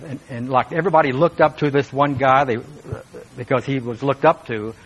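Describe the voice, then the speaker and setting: A man's voice: medium pitch, steady tone, a little fast, a bit bright, husky, rough recording. A man preaching a sermon as pastor, speaking earnestly and with emphasis, and turning now and then to talk straight to his listeners.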